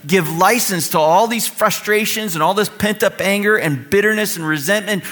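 Animated man preaching a casual sermon. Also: sits high, moderate pace. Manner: conversational, animated, acts out quoted voices. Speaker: pastor.

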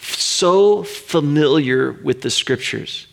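A middle-aged man pastor preaching a sermon, earnest and emphatic, stretching out pauses to land his points. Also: fairly high pitch, creaky.

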